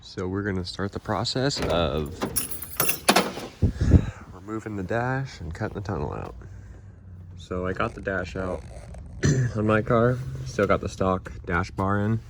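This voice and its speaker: Laid-back young guy, lowish voice, faint garage noise behind, casual build vlog. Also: unhurried, long pauses. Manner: laid-back, chatty, uses car slang. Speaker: car builder vlogger. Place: car garage workshop.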